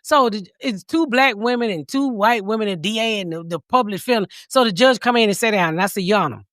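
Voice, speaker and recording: A woman podcast host telling a comedic story in a profane, animated way, laughing as she talks. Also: mid-range voice, quick pace, dry recording, studio quality.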